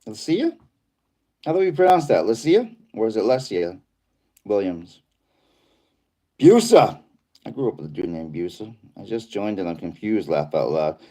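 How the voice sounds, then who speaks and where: A man's voice: on the low side, big pitch swings, normal speed, pauses often, warm tone. A middle-aged man from Boston with a Boston accent, hosting a casual livestream and reading viewer comments in a rambling, laid-back way. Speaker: livestream host.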